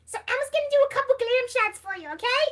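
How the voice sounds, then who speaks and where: Elmo, cheerful red monster kid, very high squeaky falsetto, bright and sharp, third-person talk, strained voice. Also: female voice, quick pace. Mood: playful. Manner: talks about himself in third person. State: losing her voice. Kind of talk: livestream character impression.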